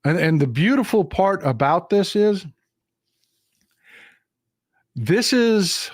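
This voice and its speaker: A man's voice: a little high, lively intonation, unhurried, no room sound, clean studio sound. A man hosting a live-streamed political commentary show, talking through a map and repeating lines for emphasis. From Texas. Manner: emphatic, repeats phrases for stress.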